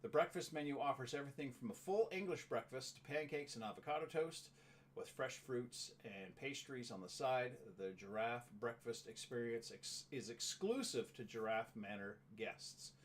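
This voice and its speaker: A man's voice: medium pitch, moderate pace, a little hiss or hum. Chatty male show host. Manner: chatty, reads facts aloud with stumbles and asides. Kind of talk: casual chat.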